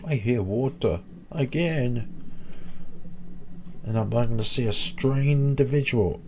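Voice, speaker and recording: A man's voice: mid-range voice, unhurried, dark tone, slight background noise. A young man playing a horror game, reading the dialogue aloud and adding sarcastic, joking asides. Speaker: let's play gamer.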